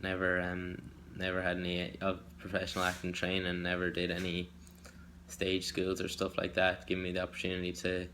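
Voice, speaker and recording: A young man with an Irish accent talks about himself for an audition video, hesitant and self-deprecating. His voice sits low and stays almost completely flat. A faint hiss of noise runs underneath. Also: brisk. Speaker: acting hopeful.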